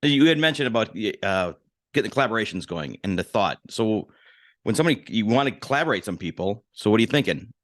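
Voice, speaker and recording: A man's voice: on the low side, lively intonation, fast talker, a bit bright. A man co-hosting a casual podcast chat, who asks the guest questions and echoes his words back. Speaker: podcast co-host.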